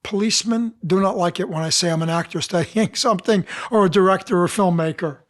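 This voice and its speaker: A middle-aged man who works as an actor and dialect coach, appearing as a guest on a podcast. His voice sits high and he talks fast, telling lively anecdotes in a casual interview and acting out the voices of the people he quotes.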